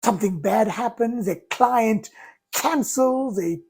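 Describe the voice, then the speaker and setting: A woman giving a motivational talk, speaking in deliberate, emphatic, drawn-out phrases. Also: on the high side, a little mellow, husky.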